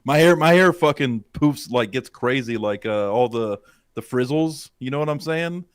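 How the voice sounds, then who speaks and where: A man's voice: mid-range voice, expressive, moderate pace, clean tone, dry recording. Swearing man in a dry room. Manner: rambling, heavy swearing. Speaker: podcast co-host. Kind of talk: casual livestream chat.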